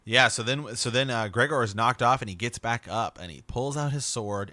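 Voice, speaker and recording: A man's voice: medium pitch, moderate pace, hardly any pauses, no echo. A man co-hosting a podcast, chatting casually about a book and reading passages aloud. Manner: reads passages aloud, agreeable, animated asides. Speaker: podcast co-host.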